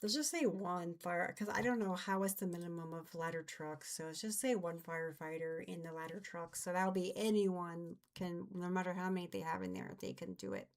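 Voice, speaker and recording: A woman's voice: lowish voice, expressive, moderate pace, hardly any pauses. A woman streamer with a light Southern American accent, chatting casually as she thinks aloud and trails off mid-sentence. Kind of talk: casual live-stream chat while working on a game map.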